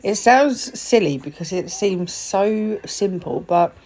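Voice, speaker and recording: A woman's voice: medium pitch, animated, slow pace, darkish tone. A young woman casually talking through her nail work in a tutorial vlog, chatty and full of little asides and fillers. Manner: chatty, lots of fillers and self-deprecating asides. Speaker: nail tech vlogger.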